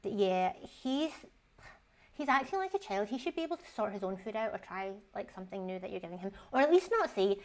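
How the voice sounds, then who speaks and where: Woman, casual reaction commentary, frank and chatty, swears freely, mid-pitched voice. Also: big pitch swings, brisk. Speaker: YouTuber reacting to online posts.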